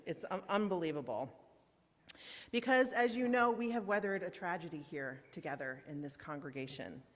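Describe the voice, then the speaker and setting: A woman minister welcoming her congregation in an informal, friendly way, with fillers and the odd slip. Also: on the low side. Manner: warm, informal, with fillers and slips. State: emotional, holding back tears. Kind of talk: welcome and announcements in a church service. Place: large church meetinghouse. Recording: long church reverb.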